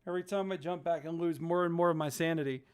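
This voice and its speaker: A streamer reading aloud the lines of a troubled young man from a story game in a plain, flat voice. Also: mid-range voice, quick pace, clear, resonant tone, pitched below the performer's own voice, natural voice. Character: troubled young man stuck in a time loop.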